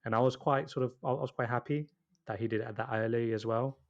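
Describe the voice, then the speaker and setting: A man's voice: mid-range voice, steady tone, fairly quick, vocal fry, dull audio. A young man co-hosting a football podcast, speaking hesitantly with many you-knows and restarts. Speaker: podcast co-host. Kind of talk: casual football chat.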